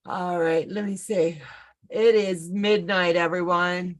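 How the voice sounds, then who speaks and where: A woman's voice: on the low side, fairly even intonation, slow. Woman hosting a casual video call. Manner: brief, affirming replies. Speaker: host of a craft video call. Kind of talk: casual chat.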